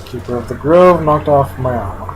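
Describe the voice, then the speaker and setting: A man's voice: medium pitch, normal speed, slight background noise, low-quality recording. A man giving casual, unscripted commentary while playing a card game, thinking aloud and sometimes talking with his mouth full. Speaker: gameplay commentator.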